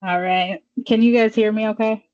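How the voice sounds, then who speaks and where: A woman's voice: mid-range voice, steady tone, normal speed, dry recording, muffled recording. A woman at a reading, hesitant and apologetic as she introduces her piece before reading a literary excerpt. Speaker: student reader.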